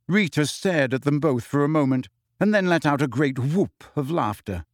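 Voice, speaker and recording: A man's voice: fairly high pitch, animated, normal speed, no echo, clean studio sound. A man reading a novel aloud as narrator. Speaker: audiobook reader. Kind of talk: scripted narration.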